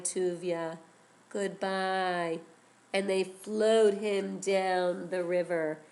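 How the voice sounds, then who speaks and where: A woman teacher tells a story to young children in a lively, animated way. She keeps pulling her listeners in with playful questions and teasers, slowing down to stretch out key moments. Her pitch sits in an ordinary middle range. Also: poor audio. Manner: animated, addresses listeners with "guess what".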